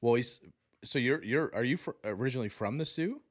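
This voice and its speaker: A man's voice: mid-range voice, expressive, brisk, crowd noise. A man hosting a podcast, chatting casually and rambling a little, with many fillers. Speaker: podcast host. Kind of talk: casual chat.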